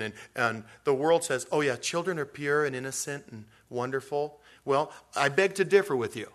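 Animated man preaching a sermon. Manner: animated, acts out quotes with big pitch swings; conversational, jokey asides. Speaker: pastor.

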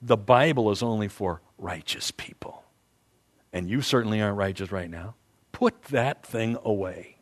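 A man voicing Satan as a whispering serpent who mocks and accuses the listener in a low, hissing voice. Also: natural voice. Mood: sneering. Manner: mocking, accusing, drawn-out. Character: whispering sneering male Satan, a serpent tempter.

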